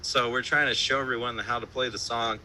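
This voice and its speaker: A man's voice: medium pitch, fairly even intonation, brisk, sharp tone, poor audio. A man, a band musician, telling stories in a casual interview over a live-stream call, loose and profane, full of fillers and laughter. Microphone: remote live-stream call.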